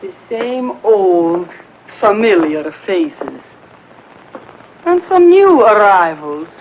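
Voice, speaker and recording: An actress playing a haughty burlesque star who puts on a grand, phony foreign accent, in 1940s film acting. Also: female voice, mid-range voice, very animated, drawn-out words, slight background noise. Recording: muffled 1940s film soundtrack with faint music.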